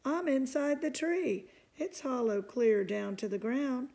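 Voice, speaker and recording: A woman's voice: high-pitched, expressive, a little slow, vocal fry, mellow, voice pushed up, full character voice. A woman voicing a cheeky fearless little girl. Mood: playful.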